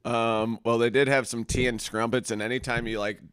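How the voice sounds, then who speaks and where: Laid-back laughing podcast co-host. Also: male voice, mid-range voice, level tone, fairly quick, a bit bright, smooth, no room sound, clean studio sound. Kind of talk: casual chat.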